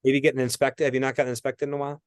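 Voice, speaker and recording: Man, medium, spirit reading, animated, rambling, mid-pitched voice, dry close sound. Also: rapid-fire, no room sound. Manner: animated, rambling, self-interrupting. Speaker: psychic medium.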